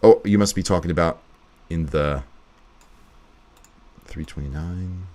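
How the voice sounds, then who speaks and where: A man's voice: deep voice, measured pace, a little mellow. A man editing a video live, chatting casually and thinking aloud as he works. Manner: thinking aloud, muttering to himself. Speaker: video editor streaming live.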